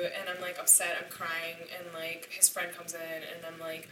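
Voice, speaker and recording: A woman's voice: fairly low pitch, level tone, measured pace, noisy background. A young woman candidly recounting a painful personal story as a podcast guest, her speech full of "like". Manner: candid and emotional, filled with "like". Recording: roomy and distant from the mic.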